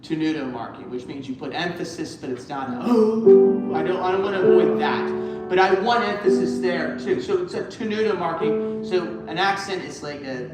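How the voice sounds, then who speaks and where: A high-voiced man leads a choir rehearsal, coaching and singing short phrases as examples. He is heard from a distance in a very echoey church space. Music plays behind him. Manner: coaching, sings phrases to demonstrate. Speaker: choir director. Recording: echoey, far from the mic, with music.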